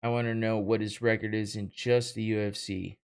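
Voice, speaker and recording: A man's voice: lowish voice, flat delivery, brisk, clear, resonant tone. A young man hosting a casual solo podcast, talking over a live fight with rambling, profane, self-mocking chatter and frequent laughs. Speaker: podcast host. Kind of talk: casual solo watch-party commentary.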